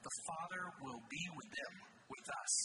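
A man preaching a sermon with earnest, animated delivery that swoops suddenly high on key words. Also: normal speed. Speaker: pastor. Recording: distant mic with loud background noise.

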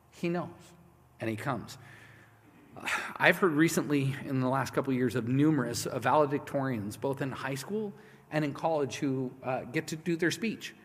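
A man preaching a sermon as pastor, swinging from hushed, quiet lines to loud, passionate ones. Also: medium pitch. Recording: long reverb of a large hall.

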